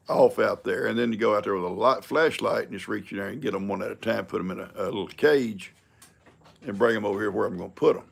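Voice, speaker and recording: An older man, rambling folksy and chuckling as he hosts a casual live stream. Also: lowish voice. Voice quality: gravelly, husky. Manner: folksy, rambling and chuckling, talks to his cats. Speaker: livestream host.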